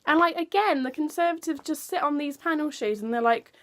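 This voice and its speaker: A woman's voice: high-pitched, fairly quick. A young woman ranting in a political opinion vlog, heated and swearing, packing her speech with "like". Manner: heated, swearing, heavy use of "like". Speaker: political vlogger.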